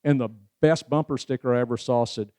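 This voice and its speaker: A man's voice: mid-range voice, steady tone, fairly quick, mellow, no room sound, studio quality. A man giving a casual spiritual presentation, talking in a folksy way with wry asides and many "you know"s. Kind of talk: casual spoken lecture.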